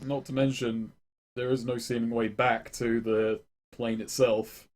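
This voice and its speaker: A man's voice: medium pitch, level tone, a little mellow. Man narrating as game master. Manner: descriptive, halting with fillers.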